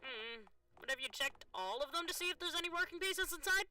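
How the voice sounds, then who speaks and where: A streamer voicing a cheerful, scheming boss who talks loudly and breezily, while reading a game's dialogue aloud. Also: sits high, expressive, a little fast, recorded from a distance, voice pushed up, exaggerated voice. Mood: breezy.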